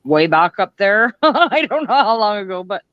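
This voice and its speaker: A woman's voice: mid-range voice, sing-song, moderate pace, dry recording, highs cut off. A woman with a Canadian accent hosting a livestream in casual chat, giggling often and saying "like" a lot. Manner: giggly, chatty, lots of "like". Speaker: livestream host.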